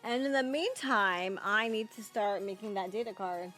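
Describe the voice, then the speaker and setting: A woman's voice: medium pitch, normal speed, sharp tone, faint music behind. A woman livestreaming a game, chatting playfully with her viewers and laughing often. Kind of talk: live gameplay commentary and chat with viewers.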